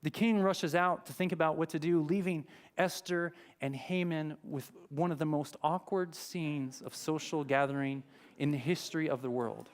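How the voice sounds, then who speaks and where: A man's voice: on the high side, fairly even intonation, normal speed. A man preaching in a church, retelling a scripture story in a conversational, dramatic way. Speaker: pastor. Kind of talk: sermon. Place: church sanctuary.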